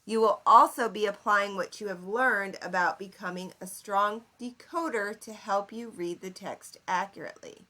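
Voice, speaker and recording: A woman teacher giving a recorded lesson, explaining slowly and clearly and asking her students questions. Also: mid-range voice, bright, forceful tone. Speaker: seventh grade English teacher.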